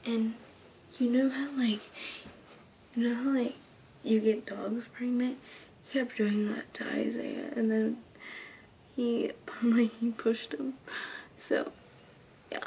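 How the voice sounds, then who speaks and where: High-voiced young girl rambling a storytime. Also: steady tone, slow, gravelly, pauses often, mellow, a little hiss or hum. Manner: rambling, dips into whispers and squeals when quoting. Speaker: vlogger. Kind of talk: casual storytime.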